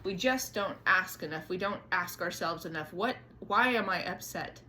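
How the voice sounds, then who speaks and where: A middle-aged woman hosting a casual spiritual talk, gentle and earnest, often repeating words and restarting as she speaks to her viewers. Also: lowish voice, moderate pace, slight background noise. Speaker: spiritual channeler and host.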